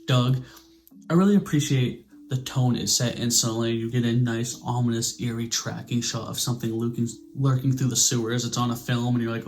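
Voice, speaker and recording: Animated man reviewing a movie. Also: mid-range voice, vocal fry. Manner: animated, acts out characters' lines in quick impressions; conversational, swears casually.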